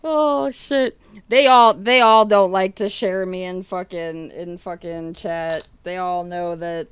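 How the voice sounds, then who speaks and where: A woman streamer talking loosely to her chat in a relaxed, profane way, retelling stories between laughs. Her voice is smooth and clear, recorded close and dry with no room sound. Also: lowish voice, measured pace, dry recording. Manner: laughing, swearing, retelling chats with friends and family. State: coughing. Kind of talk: casual livestream chat.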